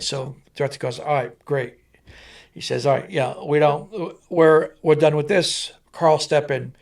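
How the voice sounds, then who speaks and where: A man with a gravelly, somewhat high voice tells stunt stories with a lot of energy. He slips into the voices of the people he describes, now loud, now dropping to a hush. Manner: animated, acts out voices in anecdotes. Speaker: stuntman guest. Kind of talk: animated storytelling.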